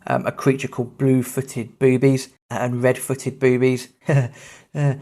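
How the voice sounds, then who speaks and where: A man, hosting a podcast and telling a travel story in a lively, self-mocking, casual way. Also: medium pitch, a little slow. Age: 30s. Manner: animated, self-mocking anecdote telling with swearing. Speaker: podcast host.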